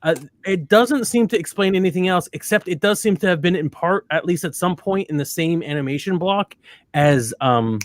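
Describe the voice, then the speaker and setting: A man hosting a casual chat in an animated, opinionated and jokey way. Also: high-pitched, moderate pace. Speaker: podcast host.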